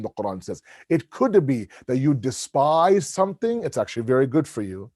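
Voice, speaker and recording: Man preaching in a warm conversational sermon. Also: medium pitch, moderate pace, few pauses, dry recording, clean studio sound. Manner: storytelling, animated, acts out family dialogue. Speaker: speaker at a religious gathering. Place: mosque hall.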